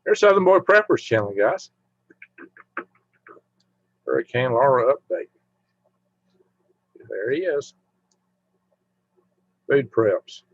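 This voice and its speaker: A man hosts a casual live stream and rambles along as he chats with his viewers, humming to himself now and then. His voice is husky and swings lively up and down. The sound is dry and dull, like a lo-fi mic. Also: medium pitch, takes it slowly, pauses often, no room sound. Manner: rambling, chatty, hums to himself while browsing.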